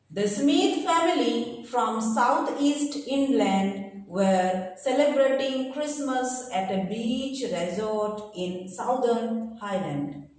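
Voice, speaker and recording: Teacher lady, slow reading, high-ish voice, far off in a big echoey room. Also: a little mellow. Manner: slow, explains each word simply, with pauses and fillers. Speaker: school teacher. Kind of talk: reading and explaining a textbook chapter to pupils. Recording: echoey room, voice from away from the mic, faint noise.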